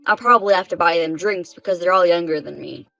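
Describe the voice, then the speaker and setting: A woman's voice: lowish voice, fast talker, creaky, pushed and bright, dull audio, pitched below the performer's own voice. A woman voicing a selfish husband who brushes off complaints and justifies himself. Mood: dismissive. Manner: dismissive, self-justifying. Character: defensive, selfish husband, man.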